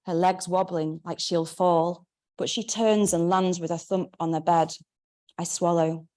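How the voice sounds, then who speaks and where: A woman, reading her memoir aloud in a wry, measured way. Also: on the low side, steady tone, darkish tone. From Manchester, England. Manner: wry, measured first-person narration. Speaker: memoir author.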